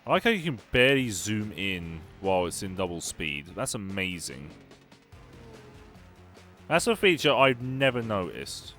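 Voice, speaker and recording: A gaming YouTuber, this young man plays a racing game while answering his live chat in a chatty, wry way, against game music and car engines. His fairly low, fairly bright voice is very animated yet unhurried.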